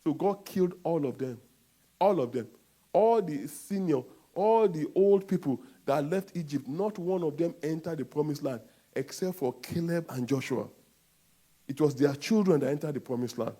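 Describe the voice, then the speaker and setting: A man's voice: a little high, animated, moderate pace. Preaching man with a Nigerian accent. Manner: preaching with sudden loud outbursts and call-and-response. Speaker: pastor. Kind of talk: sermon.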